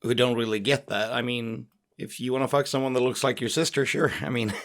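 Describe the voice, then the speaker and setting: A man's voice: mid-range voice, steady tone, fairly quick, fairly bright tone. Blunt crude-joking man. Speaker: podcast guest. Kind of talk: casual commentary chat.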